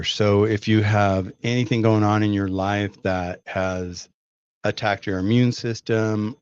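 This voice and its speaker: Chatty man with a low, dull-sounding voice. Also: a little mellow, no echo. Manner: chatty storyteller, answers viewer questions. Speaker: host of a live stream selling pet herbal products. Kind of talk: casual live-stream chat.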